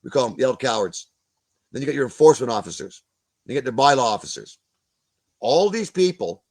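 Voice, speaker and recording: Appearing as a guest in a video-call discussion, a Canadian man of advanced years vents bluntly in a medium-pitched voice. He swears freely and stumbles by repeating words.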